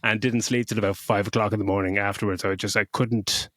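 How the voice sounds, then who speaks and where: On a podcast, a middle-aged co-host talks up a movie in loose, profane, excited fashion, recounting it with lots of energy. His voice is on the low side and fairly quick, and the recording is dry and studio-clean.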